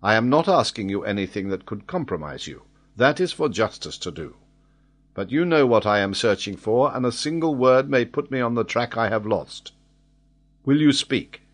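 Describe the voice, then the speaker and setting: A man's voice: mid-range voice, lively intonation, moderate pace, lightly acted. A man reading the part of a grave male nobleman pressing a prisoner for answers, in a storybook reading.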